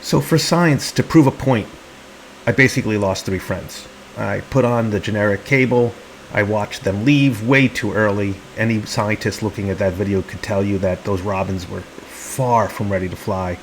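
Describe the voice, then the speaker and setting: A man's voice: fairly low pitch, fairly even intonation, normal speed, slight background noise, low-quality recording. A man hosting a comedy video, narrating in a mock-serious, earnest tone and speaking for the birds he films. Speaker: channel host.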